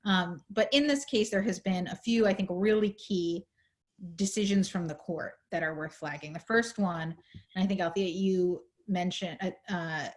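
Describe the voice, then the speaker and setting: A woman on a video call explaining a legal case in a panel talk, measured, with many fillers, her voice going hoarse. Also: lowish voice. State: losing her voice. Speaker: legal advocate in a panel discussion.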